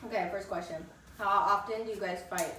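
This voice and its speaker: A woman's voice: medium pitch, fairly quick, slight background noise. A young woman co-hosting a casual chat over a meal, talking between bites. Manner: chatty, talks while eating. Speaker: co-host. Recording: far from the mic in an echoey room with loud ambience.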